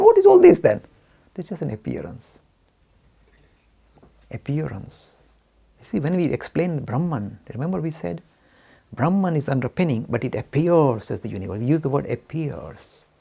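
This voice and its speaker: A man's voice: mid-range voice, animated, normal speed, gravelly, warm tone, husky. A man giving a lecture on religion, asking rhetorical questions and acting out both sides of imagined dialogues. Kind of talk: lively lecture.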